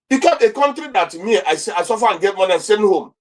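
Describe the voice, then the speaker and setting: A middle-aged Nigerian man with a fairly high voice, speaking as an interview guest. He fires off indignant rhetorical questions and stumbles over repeated words as he gets worked up. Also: lively intonation, fast. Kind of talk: impassioned political commentary.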